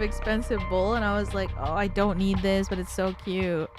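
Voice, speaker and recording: A woman's voice: mid-range voice, steady tone, moderate pace, few pauses, loud music behind the voice. A woman streamer chatting casually with viewers, giggly and rambling with lots of fillers.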